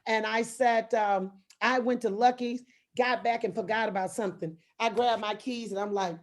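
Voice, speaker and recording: A woman with a high, bright-sounding voice tells stories from her own life. She talks with animated energy and breaks into laughter as she goes. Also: moderate pace, hardly any pauses. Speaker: guest. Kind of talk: lively personal storytelling.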